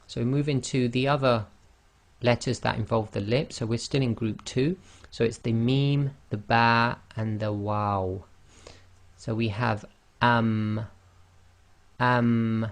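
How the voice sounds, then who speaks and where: A male teacher walks learners through Arabic letter sounds, modelling each one twice. He talks slowly and patiently. His voice has a gravelly, creaky edge at a middle pitch. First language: not Arabic. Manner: slow, patient, demonstrates sounds by repeating them. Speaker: online Quran teacher. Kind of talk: pronunciation lesson.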